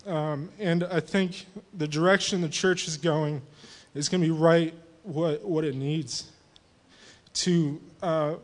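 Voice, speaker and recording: Man, high voice, youth group leader, casual humorous farewell speech, church setting.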